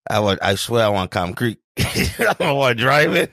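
A man's voice: mid-range voice, big pitch swings, a little slow, fairly bright tone, dry recording, studio quality. A man hosting a casual chat, laid-back and swearing freely as he tells stories. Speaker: podcast host.

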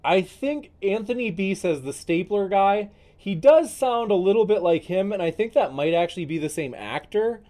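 A man's voice: high-pitched, expressive, normal speed, hardly any pauses, dark tone. A man hosting a live-streamed debate podcast, chatting in a rambling, enthusiastic way and talking straight to his viewers. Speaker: debate show host.

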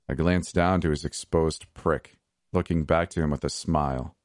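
Man, very low voice, dark story narration, dry close sound. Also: fairly even intonation, moderate pace, no room sound. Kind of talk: dark first-person fiction narration.

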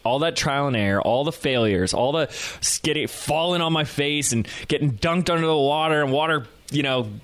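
A man hosting a podcast, telling a story in a rambling, animated way with lots of fillers. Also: medium pitch, dry recording. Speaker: podcast host. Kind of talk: casual storytelling monologue.

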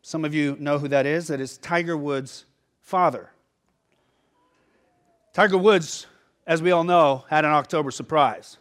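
A man's voice: fairly high pitch, a little slow, pauses often, a bit bright. A man preaching a sermon as pastor, conversational and emphatic, often checking in with the listeners.

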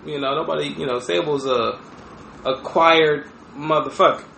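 A man hosting a podcast, talking in casual crude banter, animated and profane, laughing often. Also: fairly high pitch, normal speed, gravelly. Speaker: podcast host. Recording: echoey room with faint noise.

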